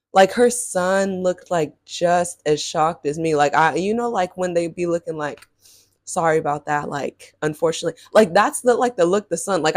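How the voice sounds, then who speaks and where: A woman's voice: no echo, clean studio sound. A young woman from Southern California telling a childhood story to her viewers in casual chat, full of "like" and "y'all", her voice jumping up on quoted reactions. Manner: animated, chatty, lots of "like" and "y'all", pitch leaps on quoted reactions. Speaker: storytime vlogger.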